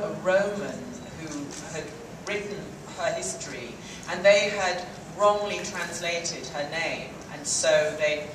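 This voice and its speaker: A woman answering fan questions as a guest actress, chatty and laughing, often breaking off mid-sentence. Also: sits low. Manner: chatty, laughing, self-interrupting. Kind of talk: fan convention Q&A. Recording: echoey hall recorded from far off with noise.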